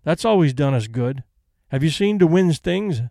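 A man reading as a brisk elderly lady. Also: on the high side, animated, vocal fry, mellow, dry recording, clean studio sound. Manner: brisk, composed, decisive. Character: elderly invalid Englishwoman, brisk and practical.

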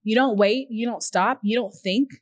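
A woman with a slightly high voice speaks at normal speed in a dry recording. She's appearing on a podcast as a guest, a journalist and founder, in a reflective conversational interview. With earnest warmth, she acts out little quoted messages while telling her stories.

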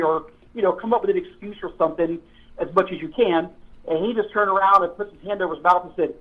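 Retired cop calling in, tinny phone sound, kinda high voice, rambles and stumbles. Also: male voice, animated. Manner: rambling storyteller, halting, many fillers. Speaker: guest, retired police officer. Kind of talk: casual chat.

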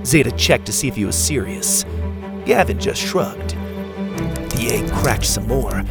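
A man narrating a children's adventure story in an expressive, animated way. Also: mid-range voice, normal speed, gravelly, music in the background.

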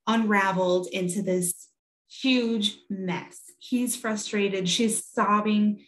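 A woman in her thirties tells a personal parenting story in a candid, chatty way, often stopping to restart a thought. She sits at a middle pitch for a woman. The room around her rings with echo. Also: steady tone, slow. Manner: candid, conversational, with frequent "like" and restarts. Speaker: speaker giving a talk on parenting.

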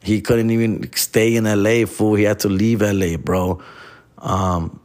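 Los comedian, lower voice, heated slangy rant with Spanish mixed in. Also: male voice, little pitch movement, measured pace, darkish tone. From Los Angeles. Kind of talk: profane casual rant.

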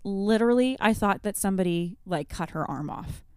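A woman in her thirties on a podcast, telling an animated story casually and saying "like" often. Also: mid-range voice, brisk, smooth, no room sound, clean studio sound. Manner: animated storytelling, heavy use of "like". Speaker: podcast co-host. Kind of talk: casual chat.

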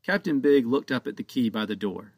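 A man's voice: medium pitch, fairly quick, a little mellow, no echo, studio quality. A man reading his own children's book aloud as an audiobook narrator.

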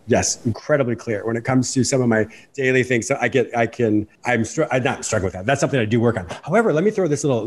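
A man speaking as an interview guest in a fast, animated way, acting out the questions he asks himself. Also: medium pitch, breathy edge. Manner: fast-talking, animated, acts out inner questions. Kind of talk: conversational interview.

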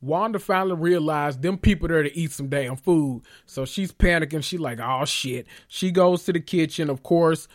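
A man hosting a casual recap, animated and joking, with frequent profanity. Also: a little high. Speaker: podcast host recapping a TV episode. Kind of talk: casual chat.

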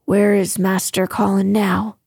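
A woman reading the lines of an anxious gentleman, the master of a manor, in a quiet, brooding way. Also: medium pitch, little pitch movement, measured pace, vocal fry, breathy edge, no echo, clean studio sound.

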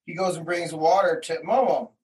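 A man's voice: a little high, a little fast, a little mellow. A man telling a personal story in an interview, in rambling, slangy, heated talk full of quoted exchanges. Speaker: interview guest. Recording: voice somewhat distant from the mic.

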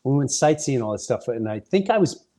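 A man hosting a podcast, telling animated, rambling off-the-cuff stories that wander off on side paths. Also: mid-range voice, brisk. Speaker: podcast host, comedian. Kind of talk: off-the-cuff storytelling.

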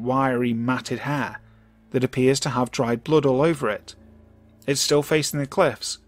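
Calm male horror story narrator. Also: mid-range voice. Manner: calm, measured, slows for suspense. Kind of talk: scripted narration. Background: soft music.

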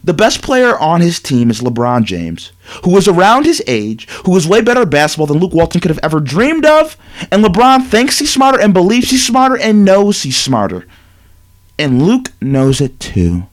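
A male sports talk host with a high voice that swings widely in pitch. He lectures emphatically, hammering his points with repetition. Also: big pitch swings, moderate pace. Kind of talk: animated sports commentary monologue.

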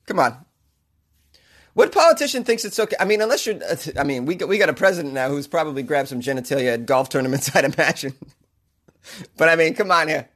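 A man's voice: a little high, lively intonation, fast talker, a bit bright. A man with a Boston accent hosting a comedy podcast, riffing sarcastically and rambling through his jokes. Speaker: podcast host. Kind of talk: comedic monologue.

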